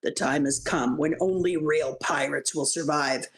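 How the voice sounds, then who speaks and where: A woman voicing a menacing, smug adult male pirate warlord who talks slowly and mockingly. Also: low voice, echoey room, pitched below the performer's own voice. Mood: smug menace.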